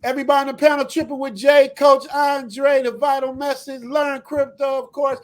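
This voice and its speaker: Brief: higher-pitched man, loose heartfelt shout-outs to a podcast panel, lots of restarts. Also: level tone, normal speed. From US West Coast. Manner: rambling, heartfelt hype-man talk with many restarts. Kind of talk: casual group chat.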